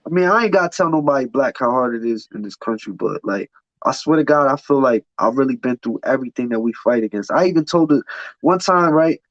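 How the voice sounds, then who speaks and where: A man's voice: medium pitch, expressive, a little fast, dry recording. A man telling his story in casual chat, blunt, profane and heated. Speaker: podcast guest. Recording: dull, dry lo-fi sound.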